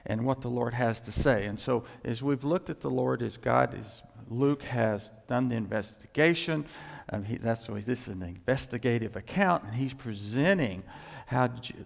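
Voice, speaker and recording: A male pastor preaching a sermon in an emphatic way, climbing in pitch and loudness to stress his points. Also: normal speed, creaky. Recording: long reverb in a large hall.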